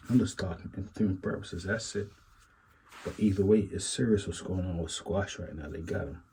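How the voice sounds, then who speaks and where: A man's voice: deep voice, mellow, slight background noise, rough recording. A man hosting a casual commentary talk, rambling and musing, circling back with repeated asides. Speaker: commentary channel host.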